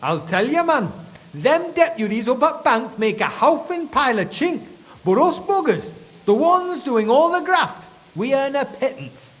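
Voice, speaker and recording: A grumbling Geordie mine foreman, blunt and thick with dialect slang. His voice sits high and swings widely as he complains. It rings with a long hall-like reverb. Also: very animated, unhurried, a bit bright, exaggerated voice. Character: gruff middle-aged male mine foreman, grumbling and suspicious.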